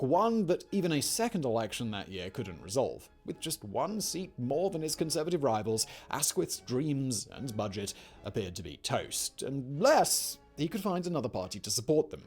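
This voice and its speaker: A man's voice: mid-range voice, a little mellow. A man narrating a scripted history piece with wry, jokey asides. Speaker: documentary narrator.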